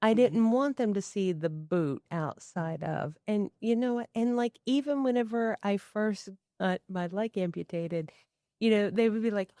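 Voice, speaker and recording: A middle-aged woman telling stories as a podcast guest, bringing the people in them to life with quick put-on voices. Her voice sits in a middle range and is recorded close and dry, with no room sound. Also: mid-range voice, no echo. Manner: animated storyteller, acting out quoted voices. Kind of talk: casual storytelling conversation.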